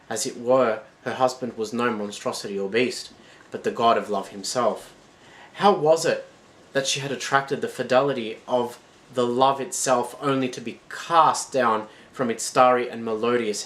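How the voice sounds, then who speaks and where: A man narrating a retold myth in a measured, dramatic storybook manner. His voice sits at an ordinary middle pitch, and the reading is steady and scripted. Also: slight background noise, low-quality recording.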